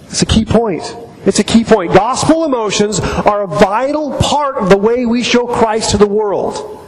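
High-voiced middle-aged pastor in reverberant hall. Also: male voice. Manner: halting, repeats words while telling stories. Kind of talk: sermon. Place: church. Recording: long reverb in a hall, faint noise.

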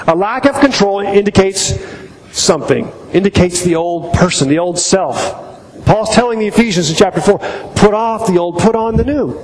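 High-voiced man preaching in an echoey hall. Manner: emphatic, repeats key phrases. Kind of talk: sermon. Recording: echoey hall, faint background noise.

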